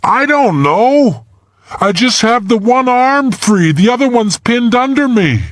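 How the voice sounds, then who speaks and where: A man's voice: very high voice, expressive, measured pace, no echo, voice pushed up. A male narrator voicing a young man trapped in an ice crevasse, talking desperately and pleading on the edge of tears. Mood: frightened. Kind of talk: audiobook character voice.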